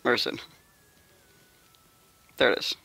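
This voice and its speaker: A young adult gamer giving casual, excitable commentary while pulling cards in a mobile game, calling out in pleading bursts and squeals. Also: takes it slowly. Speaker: gameplay streamer. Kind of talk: casual gacha gameplay commentary.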